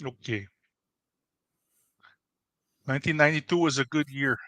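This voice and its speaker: A man's voice: mid-range voice, moderate pace, pushed and bright, no echo, close to an everyday voice. A man playing a brash, bossy middle-aged pizzeria owner, who scolds and talks over his partner in a comedy debate. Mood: mocking.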